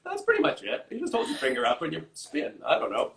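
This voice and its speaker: A man's voice: sits high, fast, creaky, low-quality recording. Easygoing man improviser chatting. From Canada. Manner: relaxed, easygoing, many fillers. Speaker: guest, actor and improviser. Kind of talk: casual chat.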